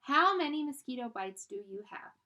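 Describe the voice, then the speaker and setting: A woman's voice: high-pitched, big pitch swings, moderate pace, sharp tone, pitched above the performer's own voice, heavily acted. A woman voicing a strict female schoolteacher who speaks firmly and sternly.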